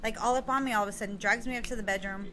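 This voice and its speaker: A woman's voice: mid-range voice, steady tone, very fast, bright, forceful tone, slight background noise. A woman guest telling bawdy stories in casual chat, giggly and swearing often. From California.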